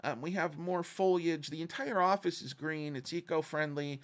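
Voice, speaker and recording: A man voicing a smug male bank branch staffer with fake-polite, dismissive customer-service patter, pitched higher and softer than his own voice. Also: normal speed, close to an everyday voice.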